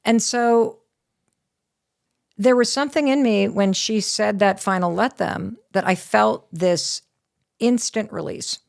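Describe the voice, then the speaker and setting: A middle-aged woman with a gravelly edge to her voice tells a story as a podcast guest. She is lively and candid, swears freely, and keeps an everyday middle pitch. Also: takes it slowly. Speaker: guest author. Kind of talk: animated storytelling in a podcast interview.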